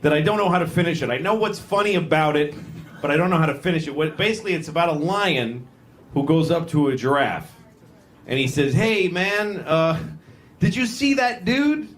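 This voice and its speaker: A man's voice: on the high side, lively intonation, fast talker. A man performing a stand-up comedy set in a club, rambling and interrupting himself. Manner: rambling, self-interrupting, acting out voices. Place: comedy club stage with audience. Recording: noisy live club recording.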